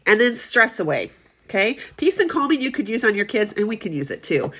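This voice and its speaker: A woman's voice: mid-range voice, big pitch swings, fairly quick, fairly bright tone, husky. A middle-aged woman giving a casual product demonstration, chatty and friendly, often checking in with her viewers.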